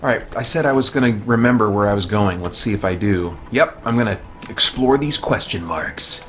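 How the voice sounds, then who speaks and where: A man's voice: on the low side, lively intonation, brisk, a bit bright, a little hiss or hum. A man live-streaming a game, chatting playfully, laughing often and reading viewer comments aloud. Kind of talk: casual chat while live-streaming a game.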